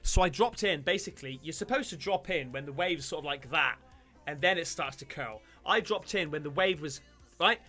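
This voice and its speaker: Man, streamer, excitable storyteller, swears a lot, very lively pitch, bright ringing tone. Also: moderate pace, faint music behind. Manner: excitable, swears a lot, addresses viewers directly. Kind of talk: animated storytelling to a live stream.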